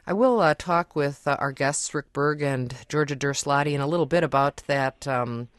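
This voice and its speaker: A radio talk show host on a public radio call-in program, talking with guests and callers, often halting with ums and restarts. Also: mid-range voice, dry recording.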